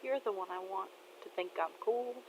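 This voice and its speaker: A woman voicing a soft-hearted, tearful father who talks to his daughter in a tender, soothing way. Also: medium pitch, moderate pace, noisy background, natural voice.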